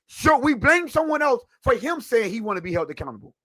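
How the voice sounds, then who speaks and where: A man's voice: very high voice, very animated, a little fast, few pauses, a bit bright, dry recording. A man hosting a heated sports talk show, preachy and emphatic, firing off rhetorical questions.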